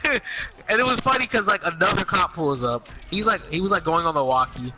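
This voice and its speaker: A man's voice: sits high, lively intonation, fairly quick, music in the background. A young man telling a story on a podcast in casual, profane chat, acting out quotes. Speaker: podcast co-host. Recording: noisy home podcast recording.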